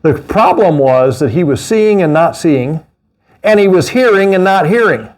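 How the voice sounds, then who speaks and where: A middle-aged man preaching a sermon as pastor, animated, with mocking asides and laughter. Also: sits high, moderate pace.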